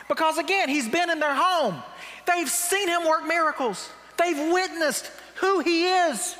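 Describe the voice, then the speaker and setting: A man pastor preaching a sermon, retelling scripture in casual everyday words, wry and emphatic, sometimes dropping to quiet reflection. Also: very high voice, measured pace, long reverb tail. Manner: conversational storytelling, paraphrasing scripture in everyday speech.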